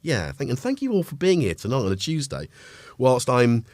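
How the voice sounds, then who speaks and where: A man's voice: medium pitch, wildly swooping pitch, normal speed, a little mellow, dry recording, clean studio sound. Chatty North Welsh man with a cold. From North Wales. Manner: chatty, greets viewers, jokey asides. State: has a cold. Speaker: livestream host. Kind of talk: casual live-stream chat.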